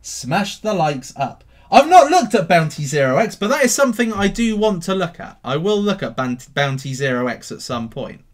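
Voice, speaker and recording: A man hosting a casual livestream about crypto, answering viewer questions in a cheeky, animated way. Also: sits high, brisk, few pauses. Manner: animated and cheeky, swinging between loud bursts and mutters.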